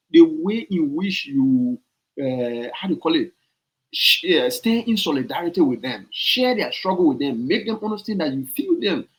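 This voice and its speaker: Emphatic Liberian man, fairly high voice. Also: lo-fi sound. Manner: emphatic, repeats points, rhetorical questions. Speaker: podcast host. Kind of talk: opinionated political commentary.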